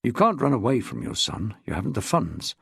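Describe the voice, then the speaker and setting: A man reading a blunt, gruff middle-aged detective from an audiobook, speaking low and dry with a husky edge and rising sharply when a point lands. The manner is curt, with a growl under it. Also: sing-song, a little fast, no room sound, heavily acted. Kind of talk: audiobook character voice.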